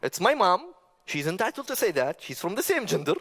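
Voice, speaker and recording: Lively man speaking in a reverberant hall. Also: sits high, a little fast. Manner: conversational, rhetorical questions, animated asides. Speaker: speaker giving a talk. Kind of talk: stage talk with stand-up humor. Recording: long reverb of a large hall.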